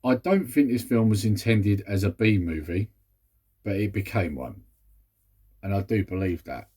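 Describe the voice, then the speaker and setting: A man's voice: fairly low pitch, moderate pace, warm tone, slightly rough. A British man talking casually about a film he reviews, rambling with exasperated asides. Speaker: movie review vlogger. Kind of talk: casual chat.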